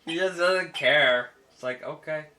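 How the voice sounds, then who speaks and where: A woman's voice: deep voice, unhurried, bright, forceful tone, distant mic. A woman hosting a let's play, giving casual, giggly commentary as she reacts to the game. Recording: echoey room with game music.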